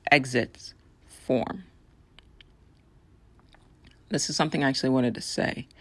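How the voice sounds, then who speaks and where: Raspy hoarse woman doing a solo podcast, lots of vocal fry, dry close sound. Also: low-pitched, dry recording. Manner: earnest, explaining and persuading. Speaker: podcast host.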